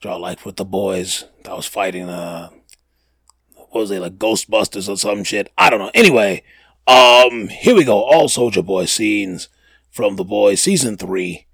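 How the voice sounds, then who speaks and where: A man's voice: on the low side, measured pace, gravelly, fairly bright tone, husky, no echo. A man hosting a casual podcast, rambling and slangy, with many fillers and restarts. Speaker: podcast host. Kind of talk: casual chat.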